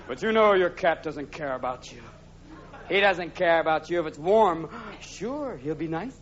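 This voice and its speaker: A man in his thirties, from the United States, doing live stand-up comedy rapidly and manically, jumping into character voices. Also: on the high side, animated. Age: 30s. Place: theatre stage before a live audience. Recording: lo-fi live stage recording with loud audience.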